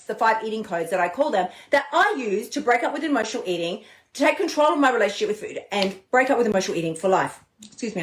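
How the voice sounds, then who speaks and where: On a live stream, a woman who hosts a podcast and works as an eating coach gives an animated, chatty motivational talk in a medium-pitched voice. She laughs often and swears casually, and the room is echoey.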